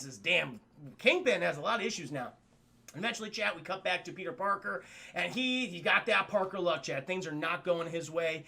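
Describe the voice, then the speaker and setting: A man's voice: high voice, expressive, creaky, bright, forceful tone. A young man casually recapping a cartoon episode for his stream chat, swearing and laughing as he retells scenes. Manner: loose, laughing, profane retelling with quick voiced quotes.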